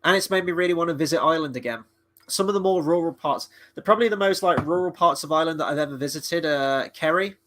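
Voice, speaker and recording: A man hosting a live movie-night stream, chatting casually and excitedly and swearing freely. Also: a little high, fast, background noise. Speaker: livestream host and movie reviewer. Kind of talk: casual live watchalong commentary.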